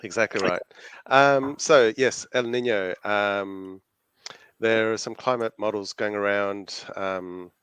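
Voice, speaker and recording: A man with an Australian accent co-hosting a podcast, explaining things in an easygoing, halting way. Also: lowish voice, a bit bright, clean tone, no room sound. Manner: easygoing, laughs often, halting. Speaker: podcast co-host. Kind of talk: casual chat.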